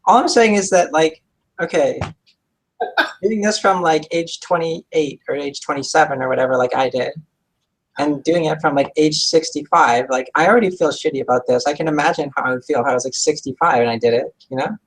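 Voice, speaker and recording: A woman's voice: low voice, brisk, slight background noise, poor audio. A young adult woman co-hosting a casual chat show, talking in a rambling, hesitant way full of fillers. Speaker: co-host.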